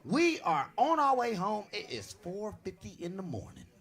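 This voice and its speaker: A man doing a stand-up comedy set on a club stage, brash and profane, telling stories loudly to a live audience. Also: high voice, moderate pace. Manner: brash, profane, animated storytelling.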